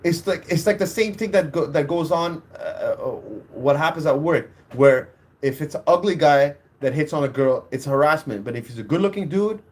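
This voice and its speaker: A young solo podcast host wanders through crude, casual stories and laughs at them himself. His voice sits on the high side, a little mellow, with a moderate pace.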